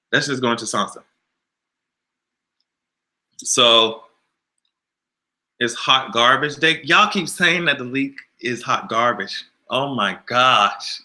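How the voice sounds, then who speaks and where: A man hosting a casual livestream, animated and exasperated, swearing freely and answering his chat. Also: medium pitch. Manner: animated, exasperated, profane, talks back to chat. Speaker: YouTube livestream host.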